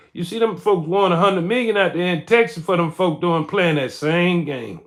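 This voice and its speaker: A man hosting a livestream, ranting in casual commentary. He is emphatic and repeats his points, tagging lines with "man". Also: a little high. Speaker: livestream host. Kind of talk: live-stream commentary rant.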